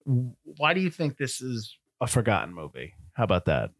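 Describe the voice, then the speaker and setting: A man's voice: medium pitch, wildly swooping pitch, moderate pace, a bit bright, no echo. Guy co-hosting a movie chat, asks lots of questions, voice bounces up and down, dry mic. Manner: agreeable, questioning, lots of restarts. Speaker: podcast co-host. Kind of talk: casual movie discussion.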